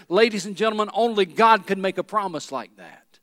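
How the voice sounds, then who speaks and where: A man's voice: sits high, animated, brisk, few pauses, fairly bright tone. A man preaching a sermon as pastor in a large church, emphatic and calling out questions to the congregation. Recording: long hall reverb in a large church.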